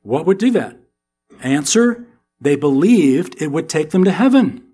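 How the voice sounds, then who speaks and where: A middle-aged American man preaching a sermon as pastor, with animated delivery that climbs into emphatic questions. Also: on the high side, a little slow, breathy edge.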